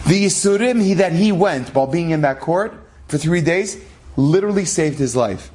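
Male storyteller, high voice, dramatic inspirational sermon delivery. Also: moderate pace. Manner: animated, dramatic storytelling with a moral. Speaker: religious storyteller.

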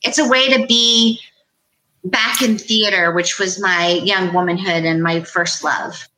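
A woman author and audiobook narrator chatting casually on a panel, telling stories in an animated way. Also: medium pitch, measured pace, low-quality recording.

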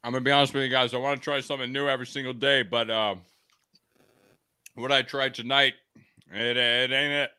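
A man's voice: medium pitch, flat delivery, brisk, pauses often, bright, forceful tone, clear, resonant tone. A drunk man on a podcast, rambling and apologizing for a bit that flopped. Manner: rambling, self-deprecating. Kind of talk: casual banter.

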